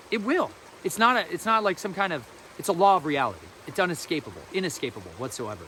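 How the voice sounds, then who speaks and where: A man's voice: sits high, sing-song, fast talker, hardly any pauses, fairly bright tone, slight background noise. A man giving an informal spiritual teaching as a podcast host, earnest, emphatic and colloquial.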